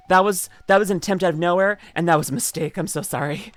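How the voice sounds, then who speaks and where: Giggly streamer girl reading game dialogue out loud, kinda low voice, faint music playing under. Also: quick pace, few pauses. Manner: giggly, rambling, self-correcting. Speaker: streamer reacting to a game story.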